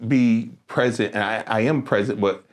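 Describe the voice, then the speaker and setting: A middle-aged man hosting a podcast interview, an animated storyteller who laughs often and repeats his words as he talks. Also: on the low side, normal speed. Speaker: podcast host. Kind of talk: casual interview chat.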